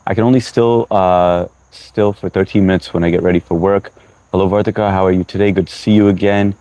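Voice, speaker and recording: A man's voice: sits low, steady tone, a little fast, warm tone, no echo. Sleepy young man hosting a livestream. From United States. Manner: friendly, greets chatters by name, mixes in Hindi phrases. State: short on sleep. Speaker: livestream host. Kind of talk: casual livestream chat greeting viewers.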